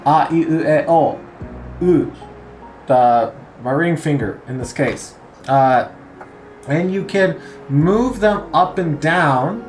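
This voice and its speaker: Slow, relaxed man teaching a lesson. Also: fairly high pitch. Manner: relaxed and explanatory, many "uh"s and pauses. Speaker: Japanese language teacher. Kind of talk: casual spoken lesson.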